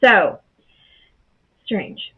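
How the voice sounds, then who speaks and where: A woman's voice: extremely slow, crowd noise. A woman from the Southern United States with a Southern accent, chatting casually as a podcast guest. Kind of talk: casual interview chat. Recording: phone-like call audio.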